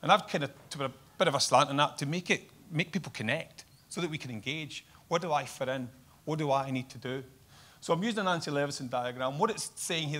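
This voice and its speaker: Guy presenting at a safety seminar, bit higher voice, chatty and explaining stuff. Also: a bit bright. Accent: non-Australian. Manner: conversational, explains with diagrams, self-corrects. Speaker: guest speaker. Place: meeting room.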